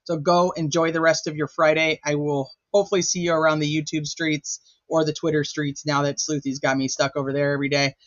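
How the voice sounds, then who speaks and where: A man's voice: a little high, level tone, brisk, hardly any pauses, fairly bright tone, no room sound, muffled recording. A man hosting a casual livestream chat, rambling and chatty with lots of filler words. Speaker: host.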